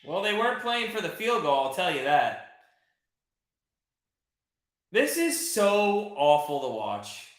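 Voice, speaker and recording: A man hosting a live sports watch-party stream, chatty and excitable, swearing now and then and talking to viewers in the chat. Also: high-pitched, takes it slowly, long pauses, reverberant. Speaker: livestream host.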